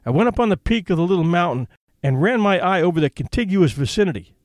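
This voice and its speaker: A man's voice: high-pitched, lively intonation, fast talker, dry recording. A man narrating an audiobook story in a wry, folksy way, switching into character voices.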